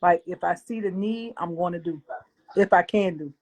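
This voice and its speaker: A woman's voice: on the low side, moderate pace, darkish tone. A woman guest on a podcast, speaking earnestly and reflectively as she gives a personal faith testimony.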